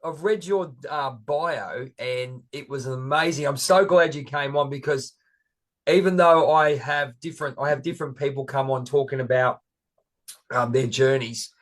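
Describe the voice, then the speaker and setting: A man's voice: medium pitch, moderate pace. A middle-aged Australian man hosting a casual interview, chatty and self-deprecating, rambling with fillers. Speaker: podcast host.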